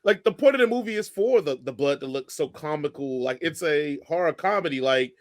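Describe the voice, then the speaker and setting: A man's voice: fairly high pitch, lively intonation, a little fast. A man hosting a podcast, moderating a casual movie review discussion in a laid-back, rambling way.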